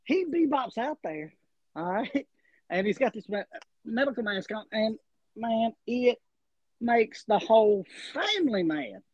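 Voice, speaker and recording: Guy telling a wrestling story, lively pitch, husky and dull lo-fi sound. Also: measured pace, no echo. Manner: animated, rambling storyteller, acts out quotes. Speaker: guest wrestler. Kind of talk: storytelling on a podcast. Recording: dull lo-fi audio.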